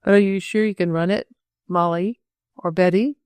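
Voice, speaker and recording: A fretful, sighing girl, as a woman narrator plays her. The voice is dry and close, set a bit low, in a storybook reading. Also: fairly even intonation, moderate pace, darkish tone, clear, resonant tone, no room sound, close to an everyday voice. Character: fretful young woman fond of sweets.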